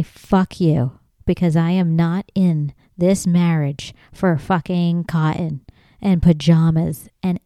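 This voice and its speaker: A woman hosting a podcast alone, ranting in a casual, profane way, getting loud and emphatic as she goes. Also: fairly low pitch, no room sound, clean studio sound. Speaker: podcast host. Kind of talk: casual solo monologue.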